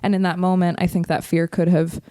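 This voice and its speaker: Animated, swearing woman storyteller. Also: on the low side, brisk, dry recording, studio quality. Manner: animated storyteller, swears freely, laughs often. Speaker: podcast co-host. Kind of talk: casual chat, storytelling.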